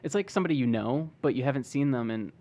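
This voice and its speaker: A man's voice: medium pitch, expressive, warm tone. A man hosting a podcast, chatting casually with his guest and reacting sympathetically. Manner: sympathetic, quick short reactions. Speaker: podcast host. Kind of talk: casual interview chat.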